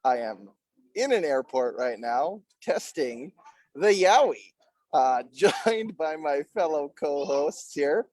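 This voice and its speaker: Upbeat male co-host from Minnesota, slightly high voice, dry close recording. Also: expressive, slow, a little mellow, no room sound. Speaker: podcast co-host. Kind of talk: casual chat. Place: airport.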